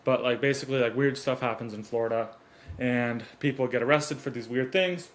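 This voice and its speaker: A man's voice: mid-range voice, fairly quick. A man hosting his own podcast, giving motivational talk and chatting casually while fixing his mic stand. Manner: earnest, rambling, fixes gear mid-recording. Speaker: podcast host. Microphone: desk mic on a stand.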